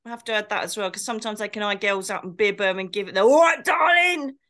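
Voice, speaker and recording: A woman's voice: mid-range voice, fairly even intonation, rapid-fire, fairly bright tone. A woman co-hosting a casual chat, telling stories animatedly and slipping into comic impressions. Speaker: co-host.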